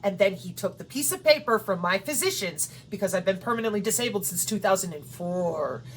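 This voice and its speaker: A woman's voice: medium pitch, expressive, brisk, slightly rough. A woman hosting her own channel, delivering a profane, confrontational ranting monologue. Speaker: channel host.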